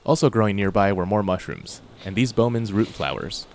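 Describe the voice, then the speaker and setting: A man narrating a hiking trip in a calm, measured scripted voice-over. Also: fairly low pitch, slight background noise. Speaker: narrator and hiker.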